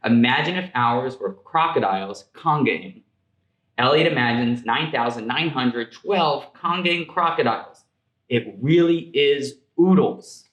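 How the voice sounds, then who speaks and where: A man reading a children's picture book aloud in a gentle, playful storytelling manner. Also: mid-range voice, unhurried, echoey room, muffled recording.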